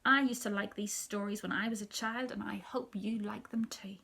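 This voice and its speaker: A woman voicing a kind aunt in a children's storybook reading, with bright, emphatic delivery. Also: medium pitch, fairly even intonation, moderate pace, creaky, breathy edge. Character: kind, cheerful grown-up aunt.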